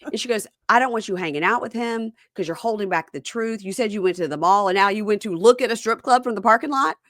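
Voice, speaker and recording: A woman co-hosting a casual chat, telling stories with lively energy and acting out what people said. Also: medium pitch, quick pace, no room sound, studio quality. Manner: animated storyteller who acts out quoted people in shifting voices. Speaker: podcast co-host recapping a reality show.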